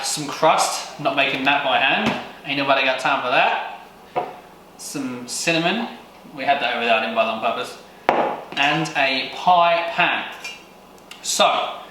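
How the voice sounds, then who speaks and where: A man's voice: medium pitch, lightly acted. A Brit putting on a brash American guy. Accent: put-on American. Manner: exaggerated folksy drawl with slang. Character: hammy loud American guy, man, brash and folksy. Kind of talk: comic vlog intro. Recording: very echoey room, faint noise.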